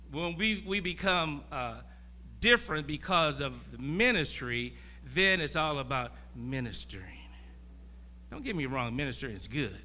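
A man preaching as a guest pastor, talking in a conversational way, laughing and swinging from quiet asides to loud emphasis. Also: fairly high pitch, a little hiss or hum. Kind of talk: sermon.

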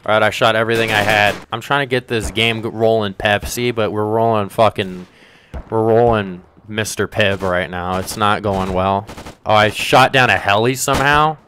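A young man playing a shooter with friends, excitable and quick to yell. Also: fairly low pitch, background noise. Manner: excitable, yelling and laughing. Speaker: gamer. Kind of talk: casual gaming banter. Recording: gunfire heavy over the voice.

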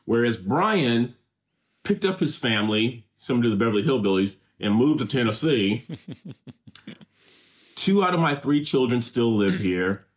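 A middle-aged man from Southern California, co-hosting a casual reaction show and reading viewer comments aloud in an easygoing, rambling way. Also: medium pitch.

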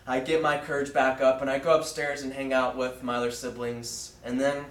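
A young man giving a student sermon in a classroom. He tells a childhood story earnestly, with frequent fillers and pauses. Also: medium pitch, little pitch movement. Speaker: student preacher. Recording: roomy echo from far off.

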